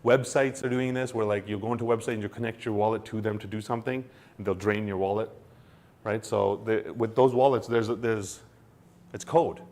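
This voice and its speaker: A man with a slightly low voice hosts a relaxed explainer. He talks in an animated, loose way, restarting his sentences often. Now and then he acts out quoted voices. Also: fairly quick. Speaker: co-host explaining crypto wallets. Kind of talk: casual explanatory chat.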